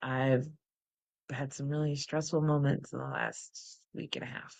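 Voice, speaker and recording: A middle-aged woman hosting a guided breathing practice, speaking softly and laughing at herself now and then. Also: very deep voice, level tone, creaky. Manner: soft and unhurried, laughs at herself. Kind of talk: gentle guided meditation, chatty asides. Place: home, close to the camera. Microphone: camera mic, close.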